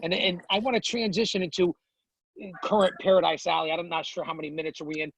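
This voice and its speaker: A man's voice: fairly high pitch, flat delivery, quick pace, a bit bright, poor audio. A man hosting a podcast, steering the chat with questions. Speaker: podcast host.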